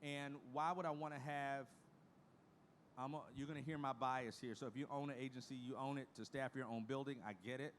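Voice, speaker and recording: A man's voice: medium pitch, steady tone, brisk, a little hiss or hum. A middle-aged man giving a conference presentation in a folksy, emphatic way, repeating key phrases for emphasis. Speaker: conference speaker.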